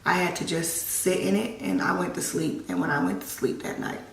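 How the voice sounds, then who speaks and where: Woman, young adult, vlog storytelling, emotional, halting, holding back tears, gravelly voice, off-mic in an echoey room. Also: fairly low pitch, sing-song, far from the mic. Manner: halting, emotional, frequent restarts and fillers. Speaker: vlogger.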